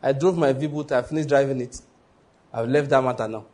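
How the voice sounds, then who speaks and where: A man's voice: medium pitch, brisk, darkish tone. A man preaching a sermon, emphatic and storytelling, with repetition and call-and-response. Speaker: pastor.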